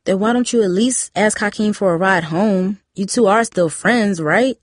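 A woman's voice: medium pitch, moderate pace, dry recording, studio quality, natural voice. A woman voicing an upbeat teenage girl who coaxes her friend along. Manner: breezy, coaxing.

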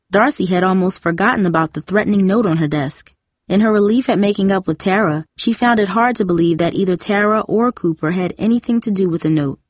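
An audiobook narrator, a woman with a medium-pitched voice, reads a children's novel aloud in an even, measured, scripted way. The recording is studio quality with no room sound.

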